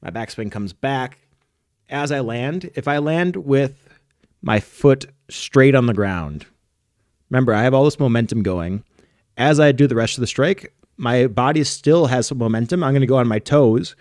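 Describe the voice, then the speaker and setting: A man's voice: mid-range voice, expressive, normal speed, darkish tone, dry recording, studio quality. A man co-hosting a soccer podcast, explaining technique while demonstrating it in a casual, instructional way. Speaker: soccer coach and podcast co-host.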